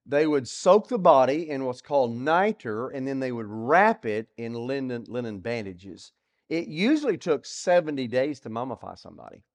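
Guy preaching a bible teaching, voice jumps all over, gets loud then quiet, asks the room questions. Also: medium pitch, animated, moderate pace. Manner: expository Bible teaching, rhetorical questions, dynamic loudness swings. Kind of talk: sermon.

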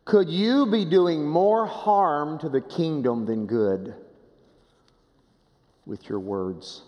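A male pastor preaching in a high, very lively voice that swoops between hushed drops and emphatic peaks. He repeats rhetorical questions at an unhurried pace. His sermon rings with the long reverb of a big church hall. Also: lo-fi sound. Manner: dramatic, swinging from hushed low phrases to raised emphatic ones.

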